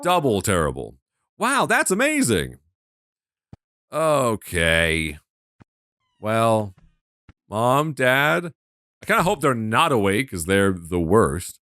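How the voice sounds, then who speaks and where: A man's voice: fairly low pitch, very animated, slow pace, a bit bright, no echo, studio quality. A man giving casual gameplay commentary with crude, sarcastic humor.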